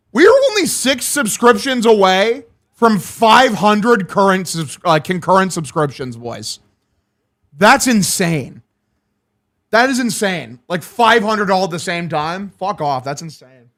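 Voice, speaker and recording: Hyped high-voiced young man streaming. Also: big pitch swings, moderate pace, fairly bright tone. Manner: hyped, profane, thanking chat. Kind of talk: live watch-along play-by-play.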